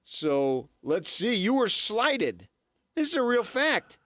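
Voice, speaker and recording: A man holding forth on sports radio in an emphatic, self-assured way. His voice sits a bit high and swings widely as he argues. The studio sound is dry and close. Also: sing-song, slow pace, fairly bright tone, dry recording. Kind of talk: casual sports talk radio banter.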